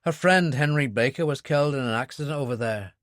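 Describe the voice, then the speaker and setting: A man reading an audiobook, voicing a calm, watchful Irish man, a seasoned operative with a dry manner. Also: medium pitch, a little fast, no room sound, voice pushed up, lightly acted.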